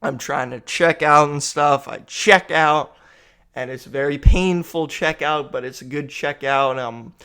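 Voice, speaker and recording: A man's voice: mid-range voice, fairly bright tone, clear, resonant tone. A young man telling a rambling, profane story about a store trip, sounding tired and exasperated. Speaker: vlogger. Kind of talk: rambling comic rant.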